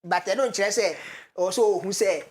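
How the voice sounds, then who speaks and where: A woman with a Ghanaian accent, a guest expert on a talk show, explaining step by step in a measured way with hesitant fillers between Twi and English. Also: mid-range voice, breathy edge.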